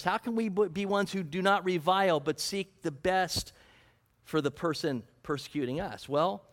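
Pastor, man, high pitch, earnest sermon delivery full of scripture quotes. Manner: earnest preaching, quoting scripture, asking the congregation questions.

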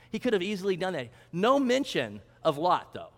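A male pastor with a high voice delivers a sermon, putting questions to his congregation. The sound carries a long reverb, like a church hall. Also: very animated, a little fast, few pauses. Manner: teaching, asks the congregation questions.

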